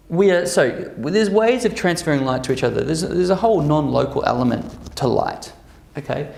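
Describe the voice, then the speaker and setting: A man's voice: medium pitch, vocal fry, a little mellow, echoey room. A man giving a casual workshop talk to a live group, keeping it conversational and checking in with the listeners through frequent "okay?" and "right?" asides. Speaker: workshop presenter.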